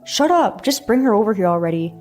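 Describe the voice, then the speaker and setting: A woman voicing a yelling, bullying brother. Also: mid-range voice, lively intonation, a little fast, faint music behind, close to an everyday voice. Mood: shouting. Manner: yelling, insulting, threatening. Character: angry bullying grown man, abusive brother.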